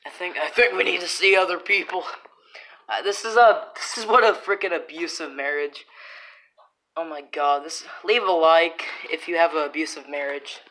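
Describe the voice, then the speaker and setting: A woman's voice: fairly low pitch, pushed and bright, slight background noise, poor audio. A woman vlogging at home, exclaiming and teasing as she scolds her cat. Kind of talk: casual vlog narration.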